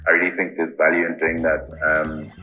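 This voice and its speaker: A man speaking as a podcast guest, earnest and deliberate, often pausing with ums and repeating "I really think". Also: rumbling low, monotone, bright, forceful tone, lo-fi sound, faint music behind. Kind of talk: casual interview answers.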